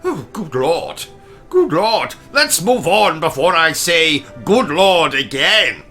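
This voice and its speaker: British male game host, pompous and slow-spoken with a very bright tone, faint music behind. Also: on the high side, very animated. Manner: pompous, theatrical, exclamatory. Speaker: gaming channel host. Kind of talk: comedic let's-play commentary with skits.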